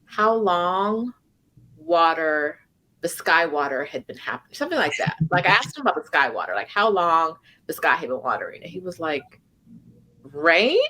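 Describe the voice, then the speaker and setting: A woman co-hosting a casual chat, telling animated stories peppered with "like" and "right?". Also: low voice, normal speed. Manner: animated storytelling with lots of "like" and "right?". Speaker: co-host. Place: home in Mexico City.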